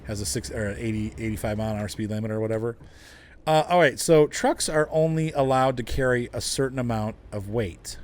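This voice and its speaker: A man's voice: mid-range voice, fairly quick. A man casually chatting with viewers while driving in a truck game, rambling and laughing often. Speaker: game streamer.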